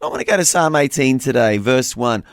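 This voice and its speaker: A man's voice: medium pitch, lively intonation, brisk, dry recording, clean studio sound. Playful man radio co-host. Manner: playful, jokey. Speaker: radio breakfast show co-host. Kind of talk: casual radio banter. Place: radio studio.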